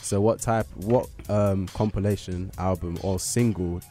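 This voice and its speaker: A male radio host with a lowish voice, talking into a studio microphone. He keeps things loose and jokey, laughing easily with his guest. Faint music plays in the background. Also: steady tone, a little slow, mellow. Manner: chatty, joking, laughs easily. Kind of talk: casual radio interview.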